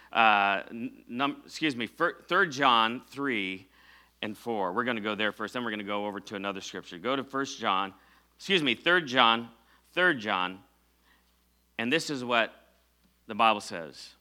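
This middle-aged pastor preaches in a mid-range voice that is bright, forceful, expressive and unhurried. His sermon is conversational, full of fillers and self-corrections, with call-and-response from the congregation.

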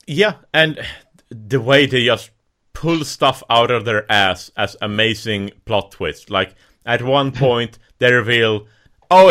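A man's voice: on the low side, bright, forceful tone. A man co-hosting a podcast in casual chat, exasperated and complaining, laughing between points. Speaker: podcast co-host.

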